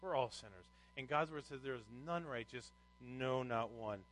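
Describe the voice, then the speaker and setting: A man's voice: mid-range voice, normal speed, a bit bright, low-quality recording. A middle-aged man preaching a sermon as a pastor, reading scripture and telling anecdotes with rising emphasis.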